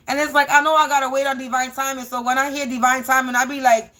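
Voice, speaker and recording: A woman's voice: sits high, fairly even intonation, brisk, bright, forceful tone. A woman doing a casual spiritual reading, blunt and profane, repeating phrases for emphasis. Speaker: spiritual energy reader.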